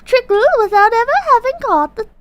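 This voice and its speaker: Woman faking a posh British storybook reader, theatrical, high and swooping. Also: lively intonation, background noise. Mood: ominous. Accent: put-on posh British. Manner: slow, grand and theatrical. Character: posh British woman reading a horror tale. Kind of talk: dramatic storybook narration. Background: background music.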